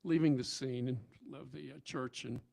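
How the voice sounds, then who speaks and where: A man's voice: mid-range voice, steady tone, normal speed, creaky, darkish tone. Folksy man telling a church story. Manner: folksy storytelling with many restarts and fillers. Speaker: speaker at church service. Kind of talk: storytelling sermon. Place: church sanctuary.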